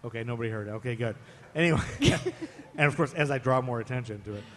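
A man's voice: mid-range voice, fast, a bit bright, slight background noise. A man from Ohio co-hosting a live podcast, telling history stories in a chatty, playful way. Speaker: podcast co-host. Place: live show on a stage. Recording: long reverb of a live stage.

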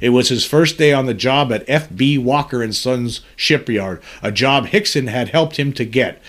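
A male podcast host who reads news stories aloud and then breaks off to comment on them. His commentary is earnest and somber, and his voice sits at an ordinary middle pitch. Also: normal speed, fairly bright tone. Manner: earnest, somber commentary between read passages. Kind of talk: reading news articles aloud with personal commentary.

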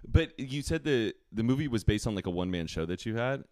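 Man, casual interview host, lively voice, asks questions. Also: lowish voice, fast talker, clear, resonant tone, no echo, clean studio sound. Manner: asks questions, laughs along.

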